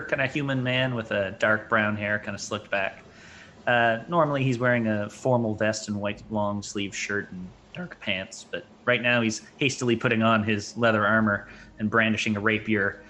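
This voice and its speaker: Brief: male tabletop player, sharp bright voice, halting delivery, faint noise behind. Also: on the low side. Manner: hesitant, many fillers. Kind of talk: playing a tabletop game.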